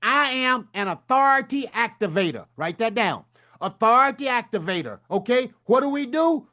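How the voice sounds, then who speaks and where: A middle-aged man, giving a loud, preacherly motivational talk at a summit. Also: high voice, animated, normal speed. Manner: loud, preacherly, rousing with call-and-response asides. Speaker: summit speaker. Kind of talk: energetic motivational presentation.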